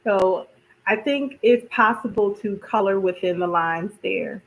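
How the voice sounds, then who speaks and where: A woman hosting a casual wellness talk, chatty and expressive, often repeating herself and asking "right?". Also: medium pitch, measured pace, poor audio. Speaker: podcast host.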